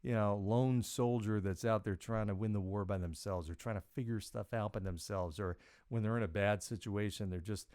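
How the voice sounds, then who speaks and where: Middle-aged male podcast host, lowish voice, lively storyteller, dry close sound. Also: normal speed, few pauses, dry recording. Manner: animated, quotes himself with big pitch jumps. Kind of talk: casual storytelling monologue.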